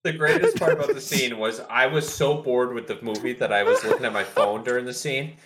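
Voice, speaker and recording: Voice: medium pitch, fairly quick, over a noisy crowd. A co-host telling a laughing, sarcastic story in casual chat about a bad movie. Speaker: podcast co-host.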